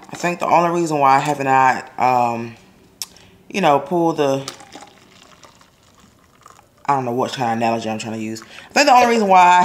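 Hoarse, raspy-voiced chatty woman vlogger. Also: a bass voice, slight background noise. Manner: chatty, talks straight to viewers, laughs often. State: hoarse, scratchy sore throat. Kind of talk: casual vlog chat. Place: at home in the kitchen.

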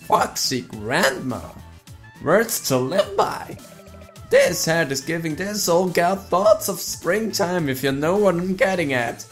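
A man's voice: high-pitched, pitched above the performer's own voice, heavily acted. A man doing a folksy elderly blobfish. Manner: doddering, folksy, coquettish.

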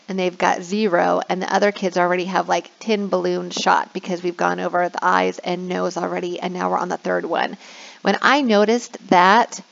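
A woman's voice: on the low side, creaky, lo-fi sound. A woman teacher explaining an online classroom game in a chatty tutorial walkthrough. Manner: chatty, demonstrating her lively classroom voice.

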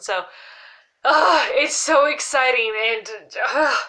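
A woman's voice: a little high, lively intonation, slow pace, sharp tone. A woman hosting a casual devotional Bible talk to camera, earnest and heartfelt, with lots of "like" as she goes. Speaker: Bible teacher, show host.

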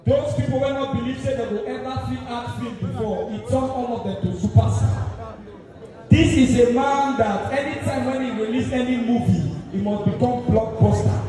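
A man with a Nigerian accent working as MC at a live show, hyping the crowd loudly and slipping into Pidgin. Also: extremely high pitch, steady tone, normal speed. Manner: loud, rousing, mixes in Pidgin. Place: live show venue in London. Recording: echoey hall from far off, loud crowd.

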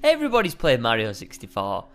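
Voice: mid-range voice, wildly swooping pitch, quick pace, fairly bright tone. A co-player bantering and teasing during a casual game session. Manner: teasing, playful protests.

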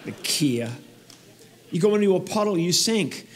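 A man performs a stand-up comedy routine on stage. His voice sits a little high for a man. He tells his stories in an animated way, slipping into the voices of the people he describes. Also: moderate pace. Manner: animated storytelling, acts out other people.

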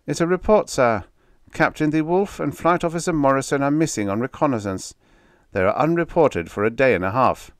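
A man's voice: mid-range voice, animated, brisk, no echo, studio quality, voice pushed up, lightly acted. A man voicing a timid young army aide who speaks hesitantly and deferentially. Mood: nervous.

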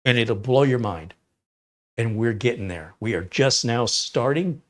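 A man's voice: medium pitch, animated, measured pace. A man hosting a live tech stream, reading viewer chat and giving opinionated, enthusiastic answers. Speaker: livestream tech host.

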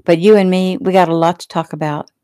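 A woman's voice: fairly low pitch, steady tone, fast talker, mellow, no echo, studio quality, natural voice. Woman reading as a sneering small-town man. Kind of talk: casual audiobook reading.

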